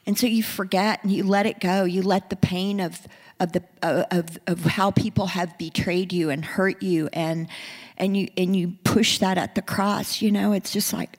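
A woman's voice: fairly low pitch, fairly even intonation, normal speed. Earnest woman preaching in a reverberant hall. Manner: earnest, builds from soft and hushed to rising and emphatic. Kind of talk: sermon.

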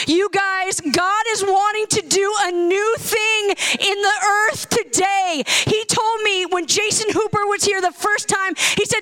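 A woman's voice: very high voice, a little slow, a bit bright, low-quality recording. A woman preaching a sermon with passion, reading scripture and breaking into casual slang, at times crying out. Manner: impassioned, rising to cries when quoting prayer; reads scripture aloud, then speaks casually with slang.

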